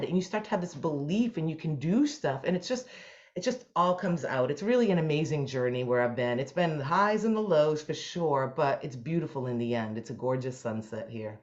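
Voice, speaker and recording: A woman co-hosting a casual chat as a mindset coach, talking in a lively, folksy way with big swoops in pitch, over a video call. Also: brisk. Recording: dull lo-fi video call audio.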